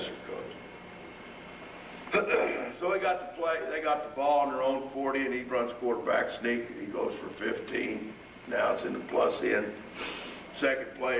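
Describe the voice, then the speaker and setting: Folksy older coach, distant and roomy. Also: male voice, medium pitch, moderate pace, vocal fry, fairly bright tone. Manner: folksy yarn-spinner, barks drill commands. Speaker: football line coach. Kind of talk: storytelling and on-field coaching demo. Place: outdoors on a practice field. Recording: roomy, distant camera audio with noise.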